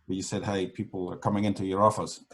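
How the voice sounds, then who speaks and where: A man's voice: low-pitched, level tone, quick pace. A man hosting an interview, asking questions in a hesitant way with stumbling restarts. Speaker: interviewer host. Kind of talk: conversational interview.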